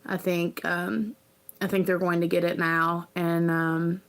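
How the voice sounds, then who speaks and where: A woman's voice: on the low side, level tone, unhurried. Earnest rambling woman. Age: adult parent. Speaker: livestream host. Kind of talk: casual livestream chat.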